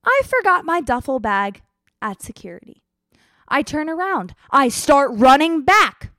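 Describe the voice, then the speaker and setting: Animated young woman, higher voice, dry sound. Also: unhurried, no room sound. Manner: animated, breathless, exaggerated, swears casually. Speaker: vlogger telling a travel story. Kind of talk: casual storytelling.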